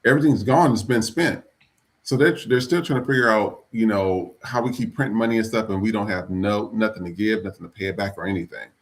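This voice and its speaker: A man's voice: lowish voice, brisk. A man hosting a live podcast, talking bluntly and profanely in a rambling, casual way with many restarts. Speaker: podcast host.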